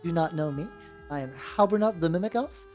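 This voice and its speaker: A woman's voice: lowish voice, a little fast, a little mellow. A woman streaming while painting miniatures, chatting casually in a rambling way, swearing freely and often restarting her sentences. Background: faint background music.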